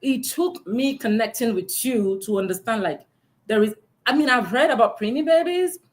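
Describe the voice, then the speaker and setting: Female host, lively and upbeat, animated pitch, video-call interview. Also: normal speed. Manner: lively, laughing, encouraging. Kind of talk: virtual book launch interview.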